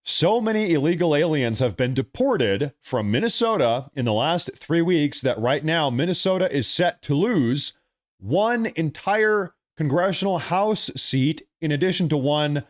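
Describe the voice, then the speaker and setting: A man streaming live commentary over a video feed, talking in a mocking, sarcastic way. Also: mid-range voice.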